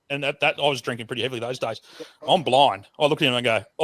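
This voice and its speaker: A man's voice: mid-range voice, quick pace, no echo. A man with an Australian accent telling a rowdy, profane story in casual talk on a group call. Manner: profane, animated yarn-spinner.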